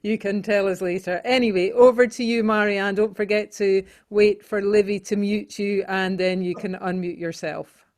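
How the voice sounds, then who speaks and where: Woman host, video call, casual and halting, fillers throughout. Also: mid-range voice, little pitch movement, darkish tone. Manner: hesitant, lots of ums and uhs. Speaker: host of online folk singing session.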